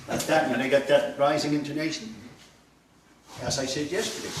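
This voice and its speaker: A man teaching a language workshop, telling anecdotes in a lively way and laughing along with them. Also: medium pitch, fairly quick. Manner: lively, laughing as he tells stories. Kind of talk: anecdotal storytelling lecture. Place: workshop room. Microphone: distant mic. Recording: echoey room, far from mic, noisy.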